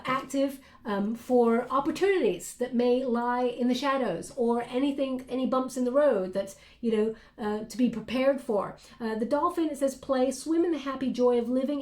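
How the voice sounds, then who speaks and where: A woman with a fairly high voice gives a casual tarot reading straight to camera. She talks in an encouraging, reassuring way, stopping often with fillers and starting sentences over. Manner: warm, encouraging, many fillers and restarts. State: briefly emotional. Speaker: tarot reader.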